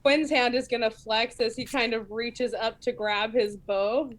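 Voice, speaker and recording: A woman's voice: a little high, fairly even intonation, unhurried. Playful woman describing her character's actions. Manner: playful, laughing often. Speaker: player. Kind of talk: tabletop role-play narration of her character.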